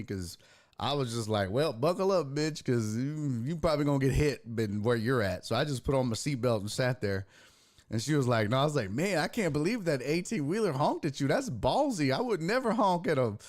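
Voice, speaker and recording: A man, hosting a sports talk stream and telling a long, profane story in a rambling, casual way. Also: on the high side. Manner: profane, rambling anecdote with lively impressions. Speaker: sports talk show host.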